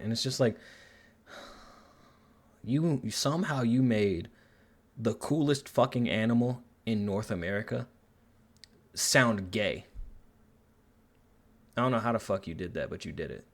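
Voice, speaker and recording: Male reviewer, average pitch, profane and exasperated, rambling rant style. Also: a little slow, pauses often. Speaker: movie reviewer. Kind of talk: ranting film commentary.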